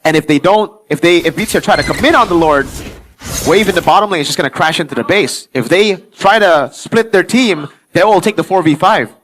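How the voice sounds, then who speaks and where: A man giving chatty, excitable color commentary on an esports match. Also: sits high, a little fast, rough recording. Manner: chatty, excitable, filler-heavy analysis. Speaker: esports analyst.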